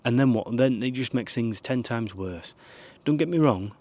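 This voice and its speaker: A vlogger in a small camper van speaks to camera in a medium-pitched, expressive voice with a darkish tone and moderate pace. His casual life advice wanders but is sincere, and he swears occasionally.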